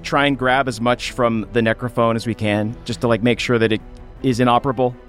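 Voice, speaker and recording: A man's voice: mid-range voice, little pitch movement, a little fast, fairly bright tone, soft background music. A man playing a tabletop game, casual, curious and joking. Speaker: player.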